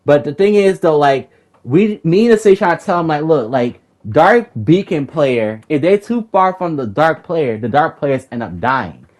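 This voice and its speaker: A young man with a slightly high voice tells a heated, rambling story and swears freely. He circles back and repeats himself when he gets worked up, in a loose, casual way. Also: animated, normal speed, a little mellow. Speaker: gamer recounting a raid group argument.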